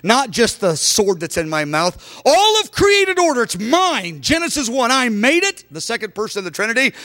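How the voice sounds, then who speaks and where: A man's voice: high-pitched, animated, brisk, hardly any pauses, sharp tone. A middle-aged man preaching a sermon emphatically, acting out quoted lines.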